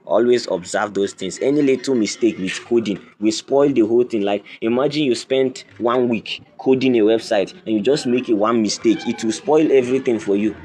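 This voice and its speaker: A man's voice: mid-range voice, normal speed, hardly any pauses, a little mellow. A man hosting a coding tutorial, walking through each step in a teacherly way, repeating points and checking "can you see". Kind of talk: screen-recorded tutorial walkthrough.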